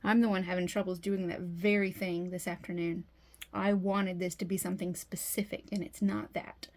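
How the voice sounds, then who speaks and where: Over a rough recording with a little hiss or hum, a woman speaks at normal speed in a lowish, darkish voice with little pitch movement. She casually vlogs from home, chatting and thinking aloud about her resin piece and often stopping mid-sentence.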